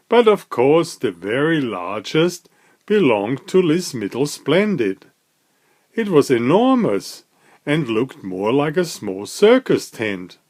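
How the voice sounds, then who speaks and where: A man with a mid-range voice reads a children's picture book aloud, telling the story slowly and with lots of life.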